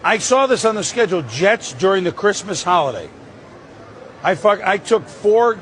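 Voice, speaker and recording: High-pitched rambling sportscaster man. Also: sing-song, a little slow, a bit bright, a little hiss or hum. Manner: rambling, jokey storytelling. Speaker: sports broadcaster. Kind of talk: off-air banter.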